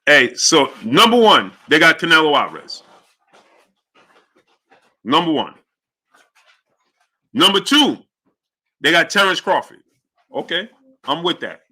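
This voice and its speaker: A man runs a live boxing show, calling out viewers by name in a high, bright voice. He talks in a hyped, animated way, with his pitch swinging widely up and down. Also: a little slow, pauses often. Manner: animated, hypes the audience, shouts out chat names. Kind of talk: livestream commentary reading chat.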